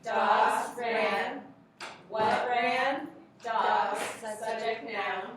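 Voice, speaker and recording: A group led by women, reciting grammar chants in unison during a workshop. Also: female voice, on the high side, steady tone, very slow, a crowd in the background. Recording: echoey room, voices far from mic.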